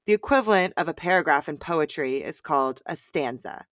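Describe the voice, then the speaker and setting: A woman's voice: deep voice, animated, a little fast, fairly bright tone, no echo. Upbeat woman teaching poetry, dry sound. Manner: clear, upbeat, chanting rhythms aloud. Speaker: host of a poetry lesson. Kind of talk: scripted educational explanation.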